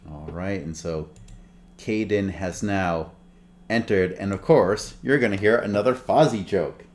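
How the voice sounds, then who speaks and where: Low-voiced male game master, relaxed, casual narration. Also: unhurried. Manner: relaxed, filler-heavy narration. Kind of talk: running a tabletop game.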